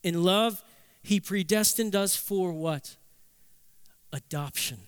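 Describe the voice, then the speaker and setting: A man's voice: sits high, slow pace, clear, resonant tone. A middle-aged male pastor preaching a sermon, telling stories and posing emphatic rhetorical questions.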